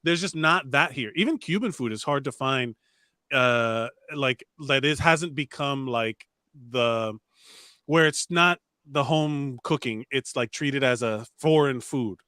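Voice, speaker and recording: A man's voice: medium pitch, a little slow, pushed and bright, no echo, studio quality. A man co-hosting a podcast, chatting casually in a rambling, profane, joking way. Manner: rambling, profane, jokey riffs. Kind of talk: casual chat.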